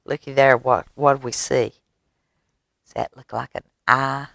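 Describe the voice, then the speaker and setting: A woman storyteller at a library, reading a picture book to children in a slow, sing-song, animated way. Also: very deep voice, gravelly, no room sound, clean studio sound.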